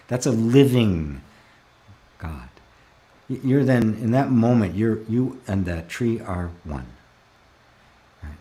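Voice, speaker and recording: Calm low-voiced man teaching spirituality. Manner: calm, reflective, often slows to stress a word. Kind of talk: live online Q&A, reading viewer comments.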